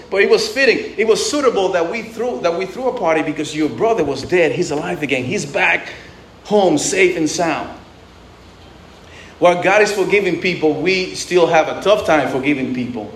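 A man's voice: sits high, brisk, reverberant, rough recording. A man preaching a sermon in a conversational way, often restarting and adding asides. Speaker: pastor.

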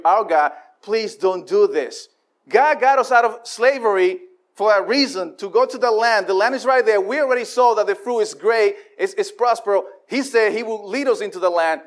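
A man preaching a sermon, animated and repeating himself as he acts out voices of the people. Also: high-pitched. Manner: frequent repetitions and restarts.

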